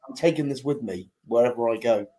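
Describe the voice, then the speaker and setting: A man's voice: medium pitch, fast talker, dark tone. A man, a comedian, chatting on a video call in a tired, weary, wry way. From England. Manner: weary, wry, laid-back chat. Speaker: stand-up comedian.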